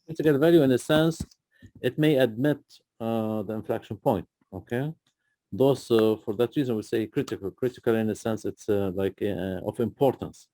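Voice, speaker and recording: A man's voice: lowish voice, normal speed, mellow, dry recording. A man tutoring a student through a math problem, patient and often checking in with "okay?". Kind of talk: live tutoring session.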